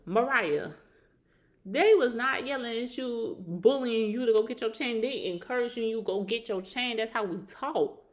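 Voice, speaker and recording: Animated woman recapping reality drama. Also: normal speed. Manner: animated, acts out quotes in higher voices. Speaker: reality show recap host. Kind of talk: casual recap commentary.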